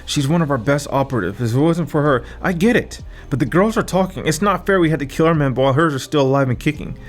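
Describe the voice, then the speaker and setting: A man voicing a stern, commanding woman leader who speaks firmly and in measured tones in an audiobook. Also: on the high side, lightly acted. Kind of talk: audiobook character voice.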